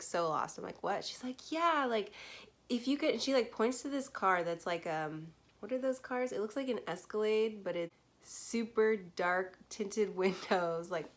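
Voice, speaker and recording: A woman in her twenties chatting casually on camera as she tells a true story, with frequent laughs and lots of fillers. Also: on the low side. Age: 20s. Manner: chatty, laughs often, many "like"s. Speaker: vlogger.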